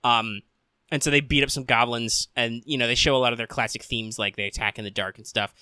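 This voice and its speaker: A young man co-hosting a casual podcast, rambling about an anime with plenty of swearing and deadpan quoted lines. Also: medium pitch, fast talker, no room sound. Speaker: podcast co-host.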